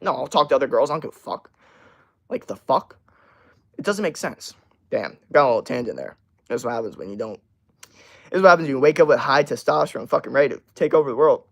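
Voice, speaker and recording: A man's voice: medium pitch, lively intonation, quick pace, creaky, long pauses, a bit bright. A man hosting a livestream who rants bluntly and swears constantly. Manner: profane, blunt and ranting. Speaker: livestream host. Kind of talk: livestream rant.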